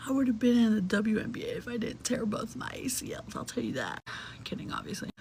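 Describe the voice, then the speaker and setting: A young adult woman telling a personal story in casual, chatty talk, full of "like" fillers, cursing, and hushed, whispery asides. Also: on the high side, sing-song, fast talker, rough recording.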